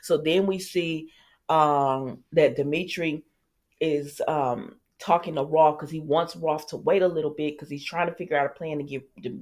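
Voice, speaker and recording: A woman hosting a casual soap opera recap, chatty and lively, talking straight to her viewers with asides. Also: low voice, moderate pace.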